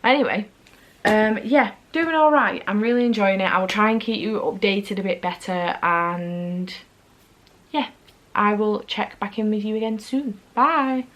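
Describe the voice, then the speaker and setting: A woman's voice: medium pitch, measured pace, fairly bright tone, low-quality recording. A woman chatting casually to camera in a rambling vlog. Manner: chatty, rambling, self-correcting. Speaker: vlogger.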